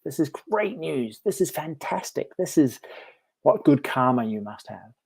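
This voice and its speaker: An over-dramatic village neighbor, as a man puts him on in a storybook telling, his voice jumping up high and carrying loud exclamations. He gasps and gushes as if every event were the end of the world or a miracle. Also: sing-song, unhurried, creaky, husky, full character voice. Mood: dismayed.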